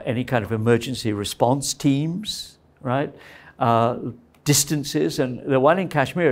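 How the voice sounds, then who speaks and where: A middle-aged man giving a university lecture in a conversational way, often checking in with his listeners by asking "right?" and "okay?". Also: medium pitch.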